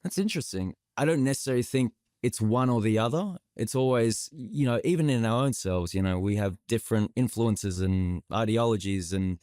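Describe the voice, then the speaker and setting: A man's voice: fairly low pitch, a little fast, hardly any pauses, mellow, no echo, studio quality. A man with an Australian accent, an actor chatting animatedly as a guest on a podcast interview.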